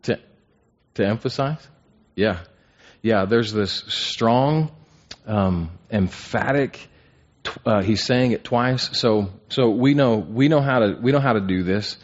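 A Bible study teacher speaks slowly in a somewhat low voice, coaxing answers from his class through questions. He frequently doubles words when restarting a phrase, and the recording is dull, muffled, and lo-fi.

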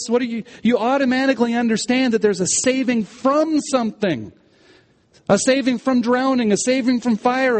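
A man's voice: extremely high pitch, in a large hall. A man preaching a sermon, emphatic, repeating key phrases and asking the listeners rhetorical questions. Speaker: pastor.

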